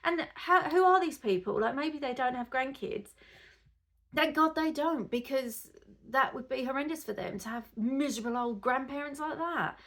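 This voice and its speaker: A woman's voice: high-pitched, normal speed, fairly bright tone. A woman, a mother, chatting to camera in a rambling, casual way that turns indignant. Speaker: mother vlogger.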